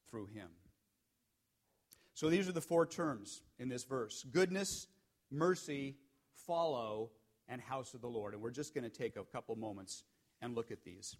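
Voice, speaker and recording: A man preaching a sermon, telling a story and building to emphatic peaks before dropping to hushed, quiet lines. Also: fairly high pitch. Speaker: pastor.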